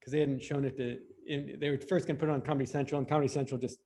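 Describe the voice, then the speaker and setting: In a casual interview, a BMX rider on a podcast tells drawn-out stories, frequently restarting and using fillers. His mid-range voice is warm and level, and he races through his words.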